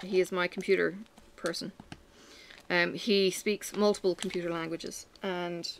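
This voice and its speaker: A woman chatting casually to camera in a lively, self-mocking way. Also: fairly low pitch, a little slow, vocal fry, a little hiss or hum. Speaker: vlogger.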